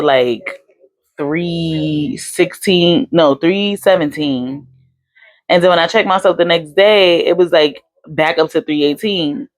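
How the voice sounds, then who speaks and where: A woman's voice: low-pitched, no echo. A young adult woman vlogging casually, chatty with lots of fillers. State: hiccups. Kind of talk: casual chat.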